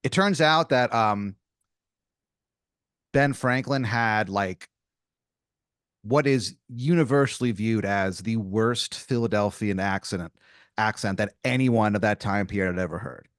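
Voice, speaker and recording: A man hosting an improvised comedy podcast, laying out a long scenario with halting restarts. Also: on the low side, no echo, studio quality. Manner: rambling, hesitant setup full of restarts. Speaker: podcast host.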